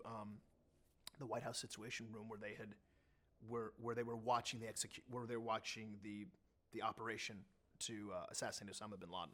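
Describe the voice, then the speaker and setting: Man telling a lively anecdote. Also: mid-range voice. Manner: animated storyteller who acts out what others said. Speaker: interview guest.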